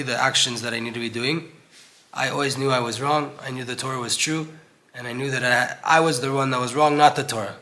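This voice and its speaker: A man's voice: mid-range voice, pushed and bright. A young man teaching an informal Torah class in an old synagogue, earnest and conversational, acting out voices when he quotes people.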